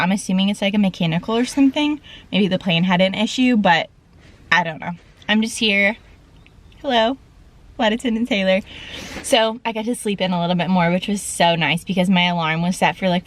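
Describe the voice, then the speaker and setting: A young woman talking casually to camera as a flight attendant, chatty and excitable, with lots of "like" and "literally". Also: medium pitch. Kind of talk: casual vlog chat.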